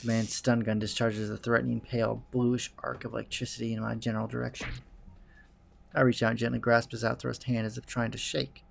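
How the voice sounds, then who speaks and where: Male let's play host, gravelly voice, dry wry read of game narration. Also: medium pitch, little pitch movement, a little fast, slight background noise. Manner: dry, wry reading with asides. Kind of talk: reading a visual novel's narration aloud.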